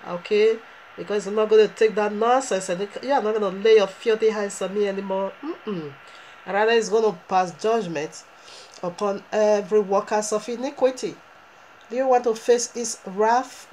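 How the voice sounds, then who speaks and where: A woman's voice: mid-range voice, darkish tone, slight background noise, rough recording. A woman preaching a fervent sermon, driving her points home with emphatic rhetorical questions.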